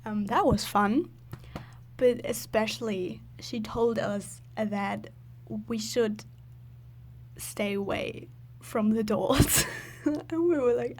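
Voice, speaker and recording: A woman's voice: a little high, takes it slowly, a little mellow, a little hiss or hum. A woman telling a story in a casual, rambling voice-over, filling her talk with "like" and giggling often. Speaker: video creator.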